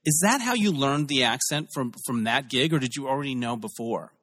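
A man's voice: mid-range voice, expressive, fairly quick, fairly bright tone, big-room sound. A male host asking questions and rambling enthusiastically in a casual interview chat. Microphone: video call.

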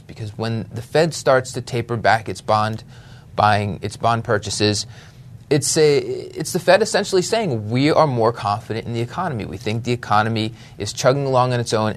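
A man co-hosting a casual finance podcast. He banters easily and jumps between jokes and market talk, restarting his sentences as he goes. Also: medium pitch. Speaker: podcast co-host. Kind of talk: casual chat.

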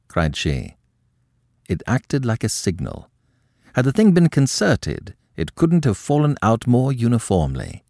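A man narrating a classic novel in an expressive, measured storytelling manner. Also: medium pitch, creaky, dry recording, clean studio sound. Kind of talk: scripted audiobook narration.

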